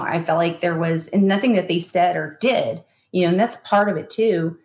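A woman's voice: on the low side, darkish tone. A woman guest, a hypnotherapist and mindset coach, frankly and emphatically telling her own story in an interview, with bursts of laughter. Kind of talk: candid personal storytelling in an interview. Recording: roomy echo.

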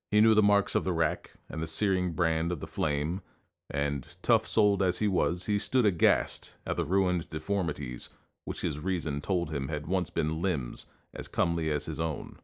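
A man narrating an audiobook in a measured, expressive storytelling manner. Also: sits low.

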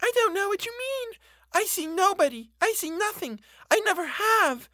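A man doing a shrill, wailing little girl. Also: animated, normal speed, bright, forceful tone, no room sound, studio quality, heavily acted. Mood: cold, defiant. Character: little girl, sulky, hard and tearful.

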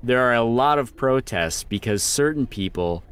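A man playing a solemn rebel mentor in a comedy sketch, with a grave, measured delivery. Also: medium pitch, expressive, fairly bright tone, clear, resonant tone, close to an everyday voice. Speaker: sketch performer.

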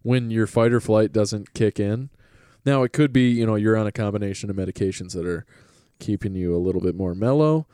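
A man's voice: on the low side, fairly quick, hardly any pauses, warm tone, smooth, no echo, clean studio sound. A man hosting a casual chat, listening sympathetically and throwing in jokes.

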